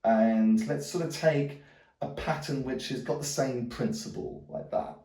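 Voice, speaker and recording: A man's voice: mid-range voice, unhurried, mellow, roomy sound, distant mic. A man teaching a djembe lesson, rambling with lots of "sort of" and "um", calling out drum strokes as he plays. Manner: calls out drum strokes aloud while playing. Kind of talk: hands-on music lesson. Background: djembe drumming.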